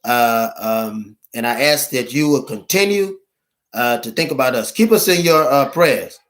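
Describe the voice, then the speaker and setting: Halting, earnest male minister. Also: mid-range voice, animated, a bit bright. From United States. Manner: halting, with many fillers and restarts; earnest preacher-like appeals. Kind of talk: livestream address to viewers.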